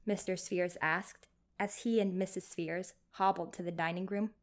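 A woman narrating a story in a measured, gently expressive reading. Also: fairly low pitch.

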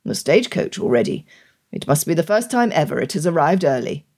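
A woman voicing a weary aristocratic gentleman in an audiobook, speaking in a clipped, impatient way. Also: deep voice, very animated, brisk, heavily acted.

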